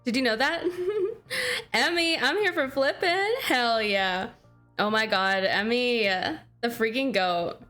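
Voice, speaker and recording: Bubbly higher-voiced woman streamer. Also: animated, slow, bright, forceful tone, soft background music. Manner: bubbly, chatty, thanks viewers by name. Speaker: game streamer. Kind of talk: casual livestream chat.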